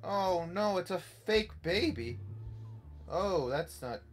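A man's voice: sits high, animated, slow, faint music behind. Jumpy, foul-mouthed young man gaming. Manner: swears often, jumps between hushed muttering and panicked yelps. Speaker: gaming YouTuber. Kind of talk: horror game playthrough commentary.

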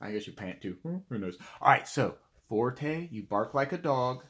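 A man's voice: medium pitch, animated, moderate pace, fairly bright tone. A man teaching a children's music lesson in a playful way, speaking straight to the kids and imitating animal sounds.

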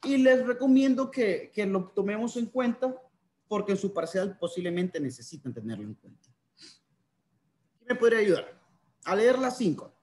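A man's voice: sits high, expressive, fairly quick, long pauses, darkish tone. A man teaching a class online, switching between languages and correcting his students' pronunciation. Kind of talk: bilingual class lecture.

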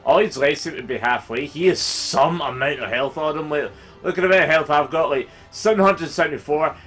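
A young Scottish man commentating his gameplay live, excitable and sweary, often bursting into yelling. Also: on the high side, fairly quick. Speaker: gaming YouTuber. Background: game music.

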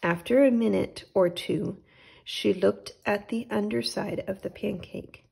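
A woman hosting a children's storytime, reading a picture book aloud in a gentle, unhurried way. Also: medium pitch, creaky, husky. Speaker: storytime host.

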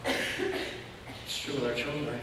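A church elder preaching a sermon, telling a story and acting out shouted lines. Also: male voice, medium pitch, flat delivery, slow pace, noisy background. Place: church sanctuary. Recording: echoey hall from far off.

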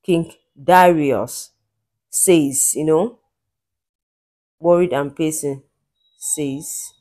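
A woman's voice: sits low, drawn-out words, dark tone. A woman hosting a screen-recorded tutorial, guiding viewers step by step with eager enthusiasm. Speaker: tutorial host. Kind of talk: screen-recorded software walkthrough.

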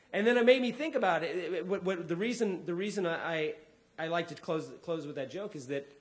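A man's voice: sits high, slight background noise. A man doing a stand-up comedy set, telling a story with energy and slipping into voices for the people in it. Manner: animated storytelling, acting out voices. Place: lecture hall with a live audience.

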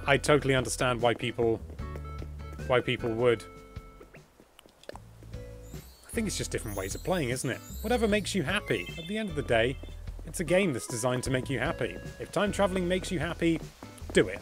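A man hosting a casual game livestream, excitable and chatty, exclaiming as he goes. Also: mid-range voice. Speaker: livestream host.

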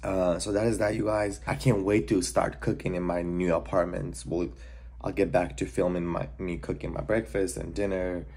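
Low-voiced young man chatting to camera. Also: flat delivery, moderate pace, darkish tone, slightly rough. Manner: chatty, keeps saying "you guys". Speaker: vlogger. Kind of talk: casual vlog chat to camera. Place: home apartment kitchen.

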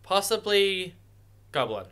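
Male reaction host, excitable, curses a lot, high-ish voice, talks to the screen. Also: slow, smooth. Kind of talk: casual first-watch reaction commentary.

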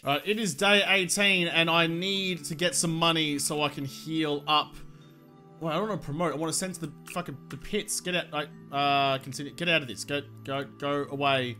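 A man's voice: fairly high pitch, expressive, normal speed, bright, forceful tone, faint music behind. A man giving casual gameplay commentary with lots of swearing and exasperated outbursts. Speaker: gaming video host.

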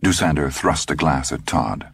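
Male audiobook narrator, deep voice, dry close studio sound. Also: moderate pace, creaky, a bit bright, slightly rough, dry recording. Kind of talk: scripted narration.

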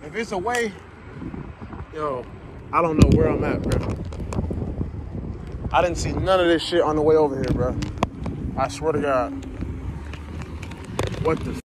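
A young man with a high voice vlogs from a scooter on city streets, his phone held in one hand. He talks straight to his viewers in loose, profane slang, keyed up and rambling, while loud traffic rushes past the mic. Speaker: vlogger. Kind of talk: casual vlog narration on the move. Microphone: handheld phone while riding. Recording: outdoor phone recording with loud traffic noise. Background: city traffic and street noise.

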